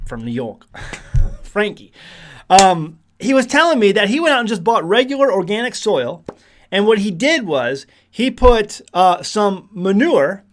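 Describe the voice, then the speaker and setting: A man casually talking to the camera about his homestead, rambling along with restarts, fillers and frequent chuckles. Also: sits high. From United States. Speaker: homesteading vlogger.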